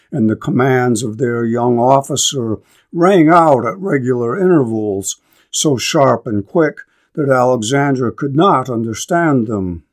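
A man reading a novel aloud and then commenting on it as a lecturer, in a measured, thoughtful way. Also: mid-range voice, darkish tone. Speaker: literature lecturer.

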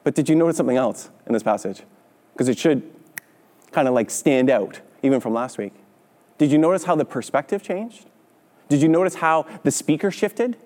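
In a church sanctuary, a male pastor preaches conversationally, frequently checking in with "right?" His voice is on the high side with lively intonation and a darkish tone, at normal speed, echoing in the large hall.

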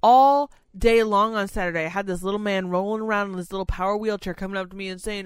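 A woman's voice: medium pitch, fast, few pauses, smooth, no room sound. Woman, swearing storyteller, casual chat, dry close mic. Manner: profane, animated storytelling.

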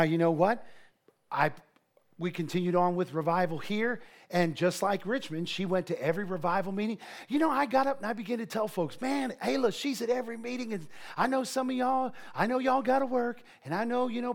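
A man preaching a sermon as pastor, animated, with storytelling asides. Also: high-pitched, fairly quick, vocal fry.

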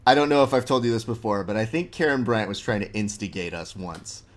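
A man's voice: lowish voice, a little fast. A young man hosting a podcast in a laid-back, slangy chat, full of "dude" and storytelling. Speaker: podcast host. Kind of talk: casual interview chat.

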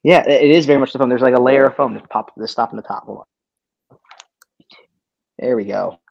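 Profane, animated man telling stories. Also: mid-range voice, fairly quick, vocal fry, no echo, muffled recording. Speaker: podcast co-host. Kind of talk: casual chat.

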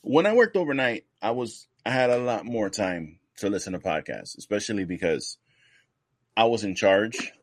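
A man's voice: fairly low pitch, expressive, normal speed, no room sound. A man co-hosting a casual podcast, rambling loosely and swearing freely as he chats. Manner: loose, profane, rambling banter. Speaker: podcast co-host.

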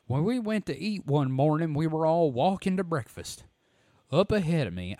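A folksy Southern storyteller, as a hoarse man puts him on, draws out his account with a drawl and a lively rise and fall in pitch. His roughened throat gives every line a scratchy edge. The delivery is dry and close, with no room around it. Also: dry recording. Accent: American Southern. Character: Southern-drawling male storyteller recalling camp.

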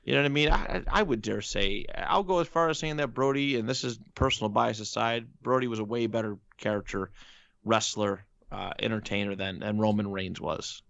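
A man with a low, gravelly voice talks in loose, casual chat. He leans on emphatic points and rhetorical questions. The recording is dry and a little dull and lo-fi. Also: a little fast, a bit bright, no room sound.

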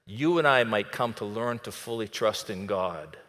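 Preacher guy telling bible stories, acts out all the parts, bright voice, long churchy echo. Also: on the low side, normal speed. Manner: animated storytelling that acts out the characters. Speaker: pastor. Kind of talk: sermon. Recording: long reverb of a church hall.

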